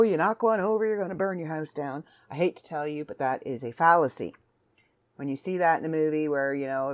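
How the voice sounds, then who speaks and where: A woman hosting a casual solo podcast from home, chatting in a rambling, self-interrupting way. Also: a bass voice. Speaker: podcast host.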